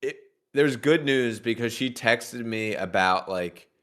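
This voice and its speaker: A man who tells a story as a guest on a talk show, halting and full of fillers and restarts. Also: medium pitch, a bit bright. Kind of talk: casual storytelling.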